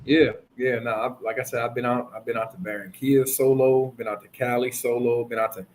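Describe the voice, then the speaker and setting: A man, casually chatting and telling stories, swearing freely and jumping into higher voices when quoting people. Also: a little fast, slight background noise. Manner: animated storytelling, swears freely, acts out quoted lines in a higher voice. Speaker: streamer host. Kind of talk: casual chat.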